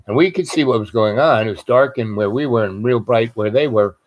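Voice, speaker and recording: A man with an ordinary mid-range voice spins a loose personal story as a guest. He wanders off track and doubles back on his words, and he swears freely in a relaxed, conversational way. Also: medium pitch, a little fast, dull audio. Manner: rambling, digressive, frequent restarts and profanity. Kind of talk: casual anecdotal storytelling.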